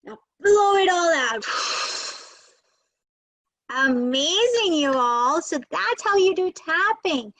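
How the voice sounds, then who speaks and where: Slow, high-voiced woman leading a kids' class. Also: animated, fairly bright tone. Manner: encouraging, repeats affirmations for children to echo. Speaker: children's workshop leader. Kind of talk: guided tapping and breathing lesson for kids. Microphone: video call.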